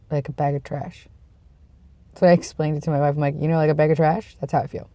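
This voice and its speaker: A vlogger with a cold, sniffly and tired, chatting casually to the camera in a rambling, self-deprecating way that trails off into low mumbles. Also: brisk, pauses often, dark tone. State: sick with a cold, sniffly and congested; tired and yawning.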